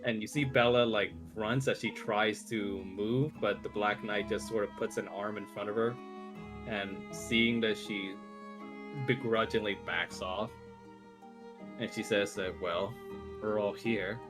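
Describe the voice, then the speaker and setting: A man runs a tabletop game on an online voice call, with a fairly low voice. He narrates in a halting way with many fillers, and faint music plays behind him. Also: fairly even intonation. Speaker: game master.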